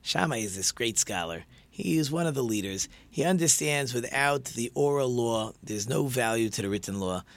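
A man teaching a religious lesson through stories, animated and acting out the dialogue with lively shifts in pitch. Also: normal speed, few pauses. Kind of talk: storytelling lesson.

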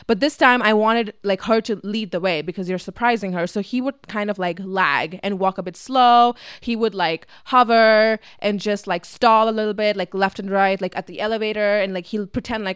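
A young woman vlogger telling a casual, fast, filler-heavy story with lots of swearing, acting out her family's voices as she goes. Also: medium pitch, a bit bright, clean tone, dry recording, studio quality. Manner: acts out family members' voices.

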